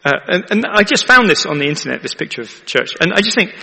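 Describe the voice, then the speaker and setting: Chatty vicar with a gravelly voice. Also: male voice, high voice, big pitch swings, quick pace, bright, forceful tone, in a large hall. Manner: chatty, asks the audience for agreement. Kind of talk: sermon.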